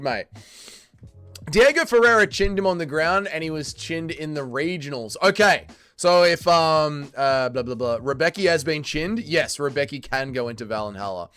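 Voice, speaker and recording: A man's voice: on the high side, a bit bright. Profane man hosting a livestream. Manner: profane, exasperated, banters with chat. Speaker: livestream host reading chat. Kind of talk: casual livestream chat.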